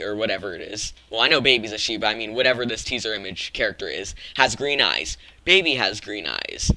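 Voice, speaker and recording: A man's voice: mid-range voice, bright, forceful tone, dry recording, low-quality recording. A man hosting a gaming channel, talking casually through a video-game theory, often restarting and correcting himself. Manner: rambling, frequent self-corrections and restarts.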